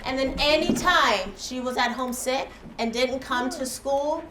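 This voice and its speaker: A middle-aged woman teaching a first grade class, stretching words out and prompting the children in an animated way. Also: sits high, measured pace. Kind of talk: classroom vocabulary lesson. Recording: echoey classroom with background noise.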